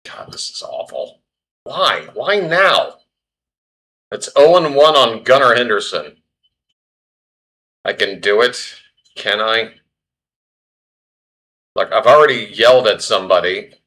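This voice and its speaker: A man hosting a baseball livestream, flustered and self-deprecating, muttering his way through the play-by-play. His voice is bright and forward, pitched at an everyday middle. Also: animated, takes it slowly, long pauses. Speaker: baseball stream host. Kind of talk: casual live play-by-play.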